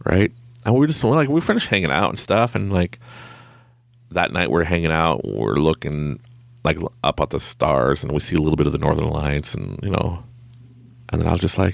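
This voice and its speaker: A young man with a low, gravelly voice tells a personal story in a loose, casual way. His pitch swings widely as he acts out what people said, and he laughs often. The sound is close and dry. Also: animated, brisk, dry recording. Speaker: podcast host.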